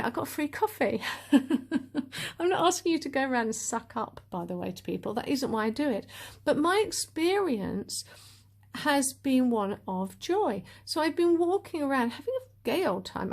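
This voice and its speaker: A woman giving a casual spiritual talk as a tarot reader, animated and upbeat with lively swings in her voice. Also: a little high.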